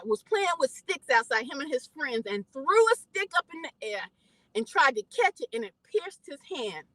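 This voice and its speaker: A middle-aged woman delivering a fired-up, preachy vlog monologue, talking straight at her viewers. Her voice sits high and swoops widely as she swings between shouting and calm asides. The sound is dry and close, with no room around it. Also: no room sound, poor audio. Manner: fiery, preachy, talks straight to the audience. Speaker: vlogger.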